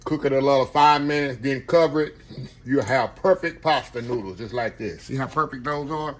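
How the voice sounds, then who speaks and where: A man's voice: medium pitch, moderate pace, slight background noise. An older man hosting a home cooking video, chatting casually and folksy with viewers as he cooks in his kitchen. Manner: folksy, talks to viewers as y'all. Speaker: home cooking channel host.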